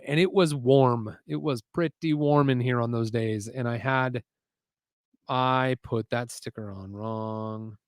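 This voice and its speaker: A man's voice: mid-range voice, dry recording, studio quality. A man hosting a casual livestream from his garage, building a set while thinking aloud and reading out viewer messages. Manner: chatty, muses aloud, reads chat messages. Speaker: LEGO building livestream host. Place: home garage.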